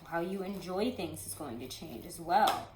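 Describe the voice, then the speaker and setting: Chatty low-voiced woman reading tarot. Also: lively intonation, normal speed, reverberant, a little hiss or hum. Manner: chatty, rambling, many "like"s and asides. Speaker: tarot reader. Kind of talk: casual tarot reading to camera.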